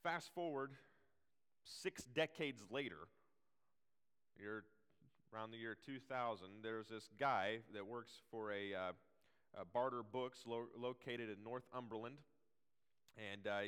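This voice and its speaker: A man's voice: mid-range voice, a bit bright, smooth, long reverb tail. A man preaching a sermon in a casual, chatty way, full of fillers and restarts.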